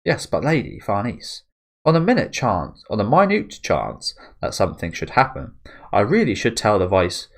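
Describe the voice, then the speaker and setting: A man's voice: on the low side, big pitch swings, moderate pace, hardly any pauses. A man reading out a nervous male soldier who stammers apologies to his commander. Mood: deferential. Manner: hesitant, apologetic.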